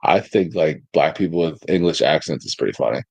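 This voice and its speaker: A man's voice: extremely low pitch, brisk, vocal fry, slightly rough, dry recording. A middle-aged American man co-hosting a casual live-stream chat, blunt and argumentative in his banter. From United States. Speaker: podcast co-host.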